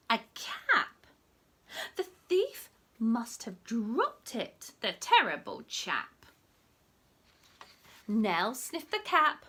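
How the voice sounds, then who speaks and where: A woman reading a picture book aloud for children at library story time, animated and often dropping to a whisper for asides. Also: on the high side, very slow, long pauses, breathy edge.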